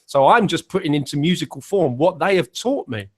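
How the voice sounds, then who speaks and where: A man's voice: on the high side, lively intonation, brisk, breathy edge. An Englishman chatting on a video call as a guest musician, rambling and self-deprecating, with many restarts. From England. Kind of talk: casual online panel chat.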